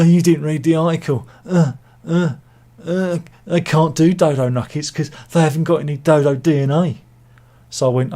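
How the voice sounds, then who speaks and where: Husky, rambling British man. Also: medium pitch, warm tone. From Britain. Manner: rambling, joking, self-deprecating. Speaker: vlogger reading viewer comments. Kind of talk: casual chat. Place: cold room at home.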